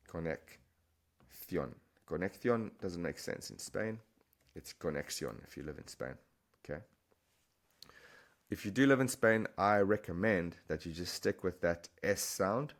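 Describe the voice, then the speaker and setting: A man explaining a language lesson, patiently repeating words slowly for the learner. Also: low voice. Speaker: Spanish teacher.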